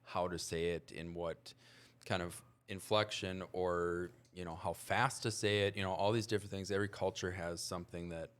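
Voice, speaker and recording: A male podcast host with a very low, deep voice. He talks in a loose, joking way and laughs often. He keeps the chat moving by bringing up topics. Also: steady tone, moderate pace, clear, resonant tone. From United States. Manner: jokey, laughs often, reads out quotes.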